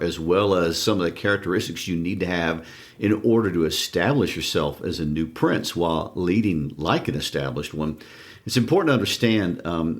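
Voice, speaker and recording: A man with a deep, low-pitched voice co-hosts a literature podcast. He explains ideas thoughtfully, pausing on fillers as he builds his points. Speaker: podcast co-host. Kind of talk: casual literary discussion.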